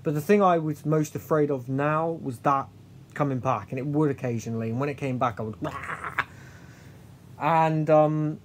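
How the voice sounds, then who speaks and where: A man with a voice on the high side vlogs a candid personal story, earnest and confessional. His delivery is halting, with many restarts and trailing pauses, and there's a little hiss or hum.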